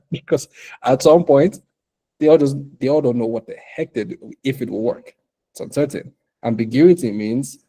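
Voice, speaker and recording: A man from Africa speaks to a bootcamp of would-be entrepreneurs with a very dark, mellow tone at a middling pitch. He is animated, often breaks into laughter and acts out little quoted dialogues. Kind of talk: motivational talk to entrepreneurs.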